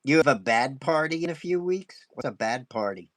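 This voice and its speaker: A man teaching wood carving on a casual live stream, talking fast and excitably and laughing often. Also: medium pitch, no room sound.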